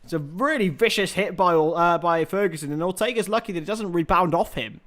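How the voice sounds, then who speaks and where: A young man hosting a live football watchalong, chatting with viewers, swearing freely and shouting at big chances. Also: high-pitched, brisk. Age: young adult. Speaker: watchalong host.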